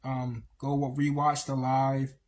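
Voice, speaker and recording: A man's voice: medium pitch, completely flat delivery, slow, a little mellow. A man hosting a livestream, preaching in a rambling, slangy way with many fillers and restarts. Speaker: livestream host. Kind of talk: casual livestream monologue.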